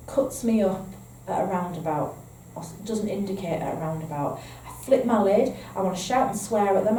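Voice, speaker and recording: A woman's voice: mid-range voice, warm tone, slight background noise. A woman with a Northern English accent giving a training presentation to foster carers, explaining points patiently and checking in with "okay?". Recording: echoey room, mic at a distance, faint ambience.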